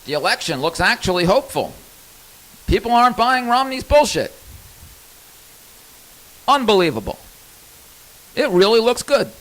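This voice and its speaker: A man's voice: sits high, a bit bright, poor audio. A man telling a personal story in a candid, rambling monologue, cursing freely.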